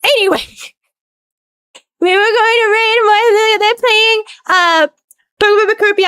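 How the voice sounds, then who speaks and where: A woman's voice: extremely high pitch, moderate pace, a bit bright, dry recording. A woman streamer in casual end-of-stream chat, rambling and venting with plenty of swearing, then thanking her viewers.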